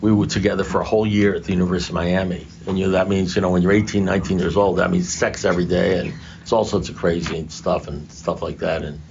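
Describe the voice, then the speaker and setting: Older man, low gravelly voice, self-mocking storyteller at a group meeting, muffled lo-fi room recording. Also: flat delivery, fast, few pauses, a little mellow, slight background noise. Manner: conversational, self-mocking humor. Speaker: recovery meeting speaker.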